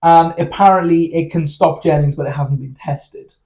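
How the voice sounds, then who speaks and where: A man's voice: on the high side, steady tone, normal speed, vocal fry, a little mellow. A man co-hosting a film podcast, recapping scenes in casual chat full of fillers and blunt opinions.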